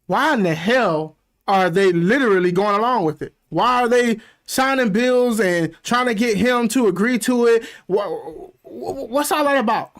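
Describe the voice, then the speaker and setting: A man's voice: very high-pitched, moderate pace. A man hosting a reaction video, commenting casually and animatedly with frequent swearing. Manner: animated, profane, laughing asides.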